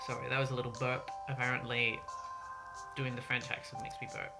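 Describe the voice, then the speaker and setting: A woman's voice: extremely low pitch, little pitch movement, brisk, gravelly. A woman casually commenting while playing a story game, sarcastic and swearing freely. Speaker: gaming video host. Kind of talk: casual let's-play commentary. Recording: loud game music behind.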